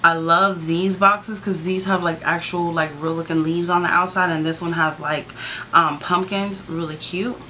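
A woman's voice: fairly low pitch, steady tone, normal speed, sharp tone, slight background noise. A woman vlogging a casual sticker book flip-through, chatty and gushing, with sassy playful asides to her viewers.

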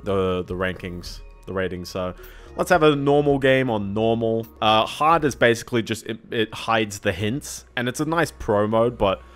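A man's voice: on the low side, normal speed, fairly bright tone, faint music behind. A man streaming a game, giving rambling, chatty commentary full of fillers and small laughs. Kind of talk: casual gameplay commentary. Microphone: desk microphone.

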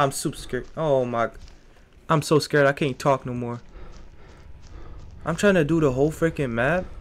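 A man's voice: mid-range voice, slight background noise. A young man streaming a horror game, jittery and scared, muttering to himself and taunting the monster in slangy talk. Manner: slangy, keeps saying bro. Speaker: gaming streamer. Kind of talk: horror game let's play commentary.

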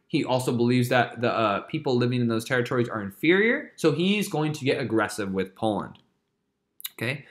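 A male history teacher lectures in a bright, slightly high voice. He keeps the talk loose and casual and checks in with his listeners constantly. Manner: casual and chatty, with frequent check-ins.

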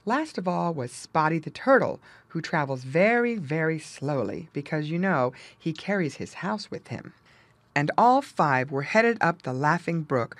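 A woman reading a children's storybook aloud as audiobook narrator, with lively storytelling. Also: sits low, no room sound. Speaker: audiobook reader.

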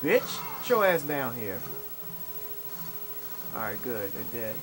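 A young man casually commentating while he plays an online shooter, swearing and complaining with sudden excited outbursts. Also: mid-range voice, takes it slowly, music in the background. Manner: profane, frustrated, with excited outbursts. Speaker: gamer. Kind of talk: live commentary over gameplay. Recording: noisy capture over game audio. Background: game sounds.

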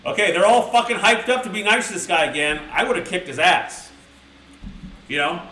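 Casual streamer who swears through a storybook, slightly high voice, a bit far from the mic. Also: male voice, animated, normal speed, bright, forceful tone, slight background noise. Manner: rambling, crude, mock-outraged asides. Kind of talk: reading a children's book with profane commentary to a live chat. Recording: roomy sound from a distant mic.

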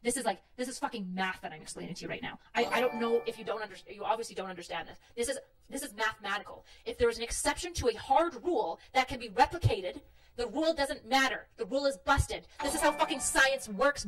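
A woman's voice: on the high side, fairly bright tone. A woman streamer ranting in an exasperated, profane, lecturing way. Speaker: livestreamer. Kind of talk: heated stream rant. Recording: distant mic with faint room noise.

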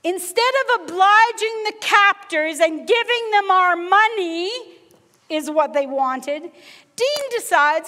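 Woman preacher, middle-aged, high voice, unhurried storytelling, church reverb. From Canada. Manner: animated storyteller, acts out dialogue. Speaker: guest preacher. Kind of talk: sermon with personal storytelling. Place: church sanctuary.

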